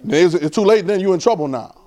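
Talking fast, a man preaches a sermon in a casual, conversational style, quizzing his congregation and often rising to an excited pitch.

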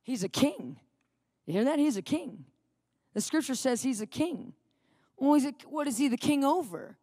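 A woman's voice: high-pitched, moderate pace, breathy edge, no echo, clean studio sound. A middle-aged woman preaching a sermon, telling a personal story and reading scripture with dramatic emphasis, often checking in with her listeners. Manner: animated, questioning the audience, dramatic scripture reading.

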